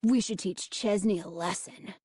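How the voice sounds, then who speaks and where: A woman's voice: medium pitch, moderate pace, dark tone, breathy edge, no room sound, clean studio sound, close to an everyday voice. A woman voicing a mocking, snickering boy prankster in a storybook audiobook.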